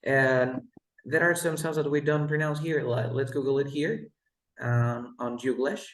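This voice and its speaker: A man teaching English pronunciation one-to-one, patiently modeling words slowly and repeating them. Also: medium pitch, fairly even intonation, a bit bright. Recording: echoey room.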